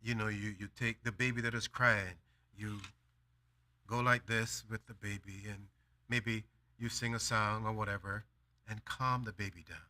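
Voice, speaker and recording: A man's voice: lowish voice, fairly even intonation, normal speed, bright, forceful tone. A man preaching a sermon, telling a personal story with acted-out dialogue and building to emphatic declarations.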